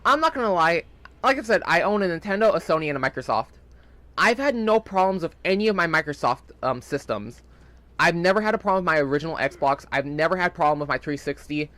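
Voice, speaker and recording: A man's voice: a little high, bright, forceful tone. A young man rambling casually in gameplay commentary, chatty and full of fillers. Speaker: gaming channel host.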